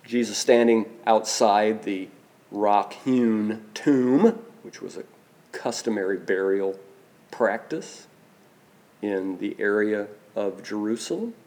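A man preaching a sermon, slow and deliberate, letting his voice drop soft on key phrases. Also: on the low side. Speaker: pastor.

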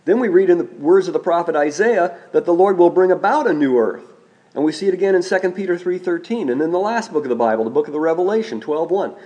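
A man preaching a sermon, speaking in a measured way, slowing down and repeating key phrases for emphasis. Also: sits high, lively intonation, warm tone, dull audio.

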